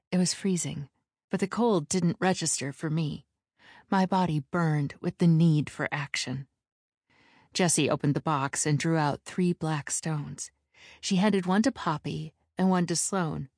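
Woman, audiobook narrator, unhurried steady reading, dry close sound. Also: deep voice, no room sound. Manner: measured, steady reading pace. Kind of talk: first-person audiobook narration with voiced dialogue.

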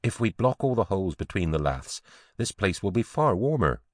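A man voicing a soft-spoken, worried medieval peasant wife. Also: fairly low pitch, very animated, normal speed, no room sound, studio quality, pitched above the performer's own voice. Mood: hushed. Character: anxious medieval peasant wife, young mother.

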